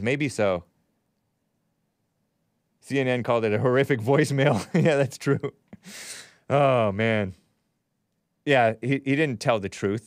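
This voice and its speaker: Man, show host, sardonic, chuckling, slightly high voice, dry close mic. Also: dry recording. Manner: sardonic, laughs often. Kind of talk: casual live show commentary.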